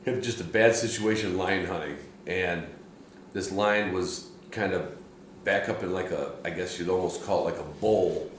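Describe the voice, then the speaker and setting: A man's voice: low voice, moderate pace, a little hiss or hum. Laughing, rambling man host in an echoey room. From Michigan. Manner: rambling storyteller, laughs often. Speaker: podcast host. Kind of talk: casual chat. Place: hunting camp room, drinks being poured.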